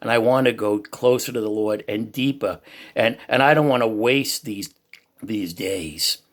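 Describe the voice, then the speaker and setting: Earnest older man with Boston accent. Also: a little slow. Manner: earnest, emphatic, loud booming voice. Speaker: Christian YouTuber sharing church reflections. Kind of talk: heartfelt personal testimony.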